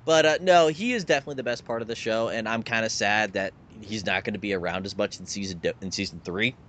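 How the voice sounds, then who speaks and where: A man's voice: lowish voice, fast talker, a bit bright, a little hiss or hum. A man co-hosting a casual podcast chat, animatedly explaining a show and pointing out pictures. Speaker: podcast co-host.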